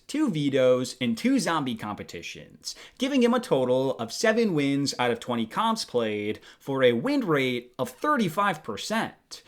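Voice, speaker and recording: A young man narrates a ranked countdown in a scripted, commentary style. His voice sits a little high and moves a lot, with plenty of lift and bounce between phrases. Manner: lively, animated delivery. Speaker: video host.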